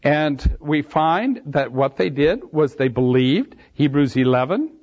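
Reading scripture aloud and explaining it verse by verse, a preacher leans hard on key phrases in this expository Bible teaching. His voice is fairly high, a little mellow and sing-song, and he speaks a little slowly. The recording is a dull lo-fi sermon capture.

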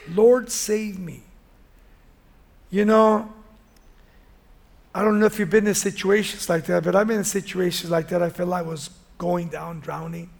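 A man preaching a sermon, retelling a Bible story in an animated, conversational way and speaking straight to his listeners. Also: sits high, normal speed, gravelly.

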